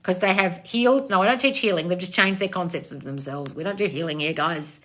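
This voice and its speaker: A woman's voice: fairly quick, a bit bright. A woman in her thirties hosting a livestream, reading out viewer comments and answering them bluntly, swearing freely and calling people darling. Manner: high squeals when greeting viewers. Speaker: manifestation coach hosting a livestream.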